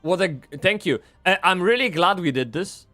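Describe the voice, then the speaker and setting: A man streaming a game live, rambling and swearing as he swings from excited yelling to low muttering. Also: moderate pace, faint music behind. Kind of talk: live gameplay commentary.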